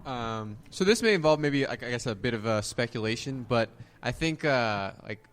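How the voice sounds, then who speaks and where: A man's voice: medium pitch, animated, moderate pace, fairly bright tone, slight background noise. A man in the audience of a live panel in a brewery, asking a question hesitantly with many fillers.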